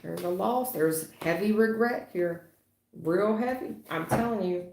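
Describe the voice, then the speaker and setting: A woman's voice: lowish voice, normal speed, vocal fry, darkish tone. Blunt tarot reader woman, echoey room. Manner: blunt, emphatic, swears casually. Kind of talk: livestream tarot reading.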